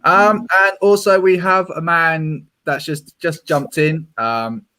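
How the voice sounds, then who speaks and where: A man's voice: fairly high pitch, steady tone, slow pace, sharp tone. A man with a British accent hosting a casual group livestream, chatty and self-mocking, laughing often. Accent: British English. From Britain. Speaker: stream host.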